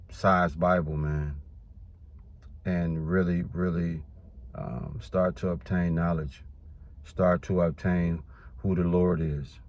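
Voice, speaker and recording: A man's voice: low voice, darkish tone. A man teaching about the Bible in a casual preaching style, reading verses and then explaining them, often adding "man" and "you know".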